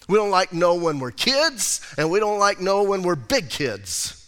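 A man with an American accent preaching a conversational, animated sermon as pastor, acting out quotes along the way. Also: sits high, measured pace. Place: church sanctuary. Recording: reverberant church hall recording.

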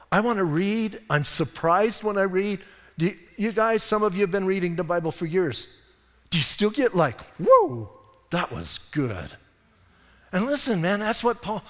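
A male pastor with a fairly high voice preaches in a casual, emphatic manner, often urging his listeners to listen. His sermon rings out with a long reverb in a church sanctuary. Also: a bit bright. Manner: emphatic and conversational, repeats "listen", acts out little scenes.

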